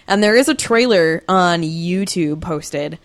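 Rambling woman with a lowish voice. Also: lively intonation, slow. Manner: rambling, many fillers and restarts. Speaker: podcast co-host. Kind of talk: casual podcast chat.

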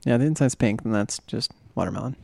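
A man's voice: fairly low pitch, fast, gravelly, warm tone. A man co-hosting a casual chat, joking and laughing often.

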